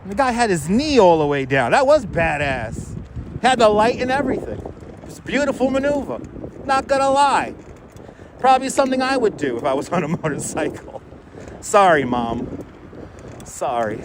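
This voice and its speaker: A somewhat high-voiced man talks loosely and cheerfully as he cycles, calling out hellos to viewers by name. Wind and street traffic roar around his clip-on mic outdoors. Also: very animated, fairly quick. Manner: chatty, greets viewers by name, loose and upbeat. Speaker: live-streaming bike vlogger. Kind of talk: casual live-stream chat while cycling. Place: outdoors riding a bike through city streets. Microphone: wireless clip-on mic.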